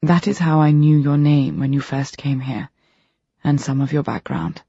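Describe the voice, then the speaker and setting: A narrator voicing a calm, courteous male doctor who speaks quietly and formally. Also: medium pitch, creaky, slightly rough, no room sound. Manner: polite, measured, formal. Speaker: audiobook character. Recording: dull lo-fi recording.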